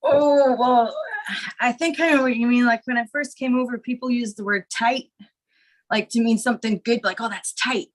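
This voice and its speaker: A woman from Scotland with a Scottish accent that has gone partly American, chatting as a guest in a rambling, relaxed way full of fillers, stoned. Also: on the high side, normal speed. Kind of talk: casual stoner chat.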